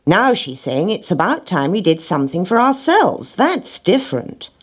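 A woman doing a smug clever storybook rat up high and husky, sly and pleased with himself, words bouncing all over the place. he only ever thinks of himself and says so without a blush. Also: very animated, normal speed. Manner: smug, knowing. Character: sly clever male rat, self-serving.

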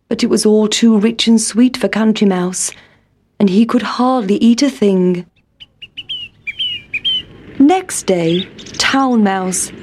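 A woman's voice: mid-range voice, a little mellow, slightly rough. A woman narrating a children's storybook, reading aloud with expression.

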